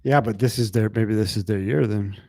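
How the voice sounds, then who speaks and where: A man's voice: lowish voice, brisk, a little mellow, no room sound, studio quality. A man co-hosting a podcast in casual chat, joking and laid-back in his banter. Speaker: podcast co-host.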